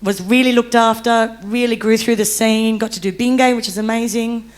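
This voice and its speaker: A woman's voice: on the high side, fairly even intonation, normal speed. A young Australian woman telling her own story on a discussion panel, candid, laughing often and turning tearful.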